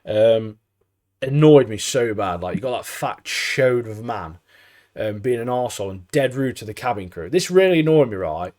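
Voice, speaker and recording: A young man with an English accent chats on a podcast, his pitch swinging about as he gets worked up. He swears freely, laughs at his own jokes and ends nearly every line with "mate.". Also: animated, normal speed, a little mellow. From England. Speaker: podcast co-host. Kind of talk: casual chat.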